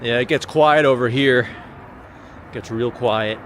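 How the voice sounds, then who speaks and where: On a nighttime walking livestream through the city, a man chats loosely with viewers, his medium-pitched, slightly bright voice moving at a measured pace. The small handheld gimbal camera he uses captures passing traffic and the sounds of the street.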